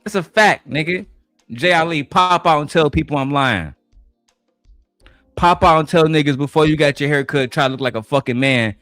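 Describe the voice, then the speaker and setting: A man streaming live, telling stories in a profane, boastful, animated way. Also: a little high, normal speed, no room sound, soft background music. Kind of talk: livestream rant.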